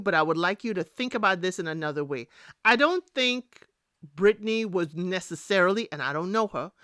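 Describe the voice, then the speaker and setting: A woman's voice: mid-range voice, dry recording, clean studio sound. A woman, casually recapping a reality show for her listeners and talking straight to them. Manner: animated, chatty, addresses listeners as y'all. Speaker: recap podcast host.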